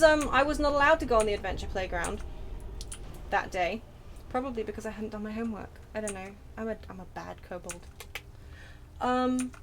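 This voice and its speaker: Rambling British woman streamer, noisy line. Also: fairly high pitch. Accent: British English. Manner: rambling, chatty, self-deprecating asides. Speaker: game streamer. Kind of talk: casual chat while playing a game. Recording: noisy home stream audio.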